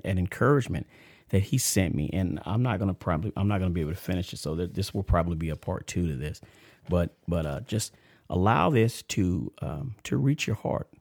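A man hosting a faith podcast, mixing lively shout-outs with preacher-style reading of a testimony. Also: sits low, dry recording, studio quality. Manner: animated, emotional, shout-outs and laughs; preacher-like cadence. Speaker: podcast host. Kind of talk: casual preaching and reading a letter.

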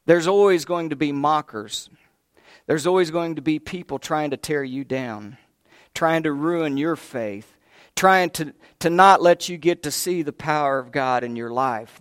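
A man's voice: fairly high pitch, measured pace, a bit bright, clean tone, no room sound, studio quality. A man preaching a sermon, telling the story with emphasis, putting questions to the congregation and talking to them directly.

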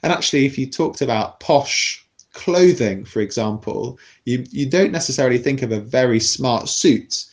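A man with a posh British accent explaining a topic in a thoughtful, measured podcast conversation, often restarting his sentences. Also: medium pitch, animated. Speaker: podcast guest explaining class.

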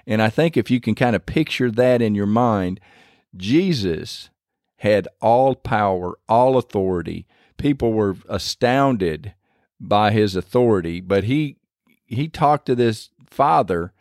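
A man's voice: on the low side, lively intonation, measured pace, darkish tone, dry recording, studio quality. A man preaching a sermon in a conversational, earnest way, retelling scripture in his own words.

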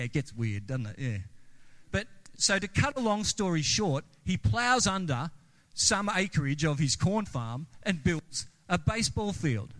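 A man's voice: fairly high pitch, a bit bright. A man preaching a sermon as a pastor, talking conversationally and asking the congregation questions. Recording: long reverb of a large hall.

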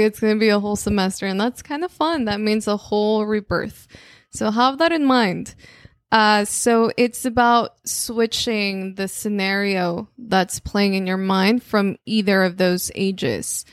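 A woman's voice: medium pitch, no room sound, studio quality. A woman from Mexico with a Mexican Spanish accent, a native Spanish speaker, giving a reflective monthly spiritual talk as a channeler and telling personal stories with frequent restarts.

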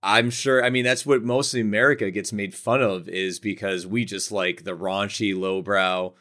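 Man thinking aloud in halting podcast chat. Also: fairly low pitch, fairly even intonation, sharp tone. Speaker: podcast host. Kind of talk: casual chat.

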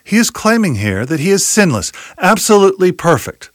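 A man delivers an expository sermon in a slightly higher voice, his pitch swinging widely as he drives home each point. He leans on rhetorical questions and quoted scripture, slowing down to weigh key words. The sound is dry, with little room echo. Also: sing-song. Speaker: preacher.

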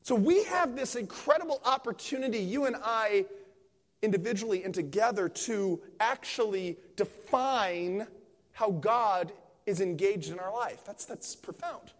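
A young man from Pennsylvania delivers a sermon, his voice sitting high for a man. He jokes and tells everyday stories, often restarting his sentences. His words ring out with the long reverb of a church sanctuary. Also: unhurried. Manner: lively, joking storytelling with many restarts. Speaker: guest preacher.

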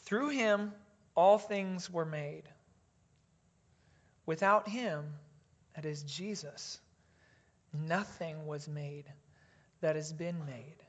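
Slow-paced preacher with deliberate delivery who drops to a hush on key lines. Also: mid-range voice. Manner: leads the congregation in reading aloud. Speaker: pastor. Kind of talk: sermon.

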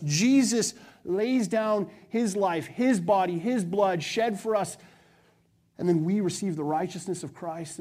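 A man with a high voice preaching a sermon in a church. He talks with fervour, rising to loud, driven stretches and then dropping to a hushed, quiet delivery. He takes the role of a pastor addressing his congregation. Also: husky. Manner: passionate, swings from loud to hushed.

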